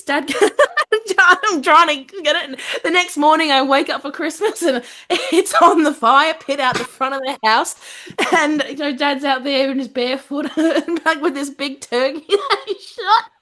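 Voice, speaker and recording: Bright, animated young Australian woman. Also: sits high, normal speed. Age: young adult. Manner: animated, laughs often. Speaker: guest. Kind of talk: casual storytelling interview. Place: podcast studio in London.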